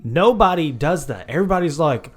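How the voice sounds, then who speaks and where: A man's voice: on the high side, lively intonation, brisk, faint music behind. A young man co-hosting a podcast, chatting in a rambling, laid-back way, full of "bro" and "dude.". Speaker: podcast co-host. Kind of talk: casual chat.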